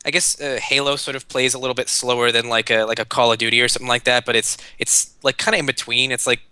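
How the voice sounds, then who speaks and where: Hesitant man with a smooth bright voice. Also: medium pitch, little pitch movement, fast, no echo. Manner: hesitant, full of restarts. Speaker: podcast guest. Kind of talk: casual gaming podcast chat.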